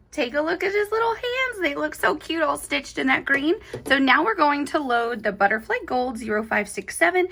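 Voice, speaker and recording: Young woman host, slightly high, upbeat and chatty tutorial delivery. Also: fairly bright tone. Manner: upbeat, chatty, cutesy asides. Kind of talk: casual step-by-step tutorial.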